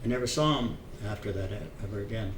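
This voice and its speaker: An older man telling his memories in an oral history interview, halting with many fillers and restarts, chuckling now and then. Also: on the low side. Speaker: veteran interviewee. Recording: echoey room, distant mic, faint noise.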